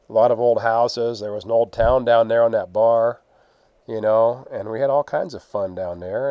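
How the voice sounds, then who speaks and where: A man's voice: medium pitch, dark tone, no echo, highs cut off. A man casually narrating his own gold prospecting photos, rambling with fillers and laughs. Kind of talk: casual storytelling.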